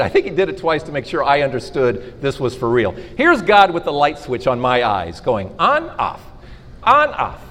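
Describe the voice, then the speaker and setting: Middle-aged male speaker, animated storyteller at a faith talk, lively pitch, reverberant hall sound. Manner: storytelling, animated, acts out dialogue. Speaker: podcast host giving a faith talk. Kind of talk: inspirational talk to a live audience. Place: school hall.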